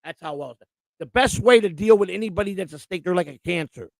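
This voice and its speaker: A man's voice: high-pitched, fast talker, vocal fry, dry recording. A man co-hosting a casual live stream, talking bluntly and profanely in long rants. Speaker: co-host.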